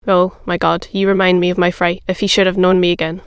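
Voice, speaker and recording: A narrator voicing a frightened young chambermaid. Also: female voice, on the low side, monotone, quick pace, clear, resonant tone, no echo, lo-fi sound, lightly acted. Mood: pleading. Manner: pleading.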